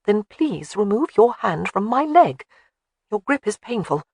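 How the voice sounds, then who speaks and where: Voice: medium pitch, very animated, darkish tone, dry recording, voice pushed up. A narrator voicing a courageous young bride who snaps back and argues with her husband, in a storybook reading. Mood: tart. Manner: quick to snap back, argumentative.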